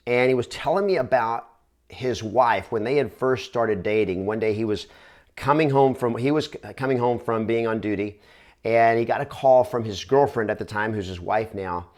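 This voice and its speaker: A real estate trainer tells a motivational story straight to camera, his medium-pitched voice earnest and conversational, often restarting his sentences quickly.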